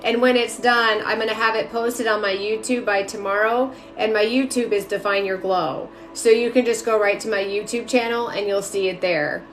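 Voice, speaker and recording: A woman's voice: medium pitch, steady tone, normal speed, hardly any pauses, echoey room, slight background noise. A woman giving casual live-stream spiritual readings, chatty, greeting viewers by name and talking with lots of fillers. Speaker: spiritual reader and mentor. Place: home room.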